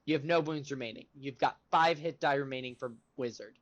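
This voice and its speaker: A man's voice: mid-range voice, fairly quick, dull audio. A man playing in an online tabletop game, tallying points in a matter-of-fact way. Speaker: player. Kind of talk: casual chat at a game table.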